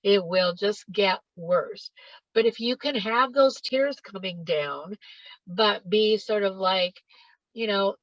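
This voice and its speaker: A middle-aged woman leads a parenting workshop over a video call at a mid pitch, stressing points by saying words again and again. The audio is muffled and lo-fi, with a close, dry sound and no room echo. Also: slow pace. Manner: emphatic, repeats words for stress. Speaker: parenting educator.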